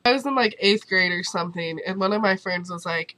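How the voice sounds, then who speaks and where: Young woman vlogger, hoarse from losing her voice, bright and bubbly, dry close sound. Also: medium pitch, brisk, few pauses, dry recording, poor audio. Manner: bubbly, animated storyteller. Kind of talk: casual storytelling vlog.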